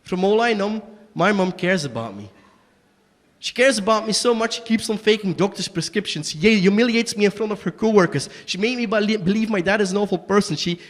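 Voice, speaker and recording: A young man performing a one-man tragicomedy on a small stage, shifting between quiet confession and angry outbursts. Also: high-pitched, fairly quick, in a large hall. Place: small basement performance space.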